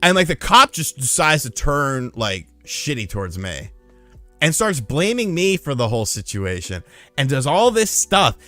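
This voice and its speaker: A man's voice: medium pitch, moderate pace, dry recording, faint music behind. A man streaming live, telling rambling, profane stories in casual chat. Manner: profane, rambling, animated storyteller. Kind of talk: casual storytelling on a livestream.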